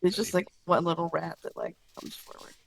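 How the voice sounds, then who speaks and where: A woman's voice: fairly low pitch, steady tone, a little fast, vocal fry. A woman playing a tabletop game, talking casually with a joking, hesitant manner. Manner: joking, hesitant, self-correcting. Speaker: player.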